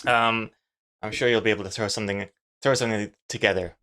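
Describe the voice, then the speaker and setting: A man's voice: lowish voice, fairly even intonation, fast, pushed and bright. A man chatting loosely on a live stream as he works on his comic, rambling and joking with many fillers. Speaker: webcomic artist streaming his drawing. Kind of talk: casual live-stream chat.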